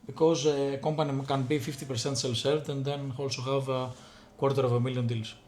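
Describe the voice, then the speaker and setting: A man's voice: medium pitch, little pitch movement, fairly quick, darkish tone, a little hiss or hum. Blunt, emphatic man talking sales. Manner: blunt, emphatic, repeats himself. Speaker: head of sales, guest. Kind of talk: casual business conversation.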